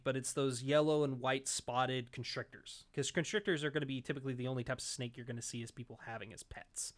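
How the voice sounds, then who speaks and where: A man co-hosting a casual podcast, telling a story in a rambling way with lots of fillers and restarts. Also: medium pitch. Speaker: podcast co-host. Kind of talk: casual chat.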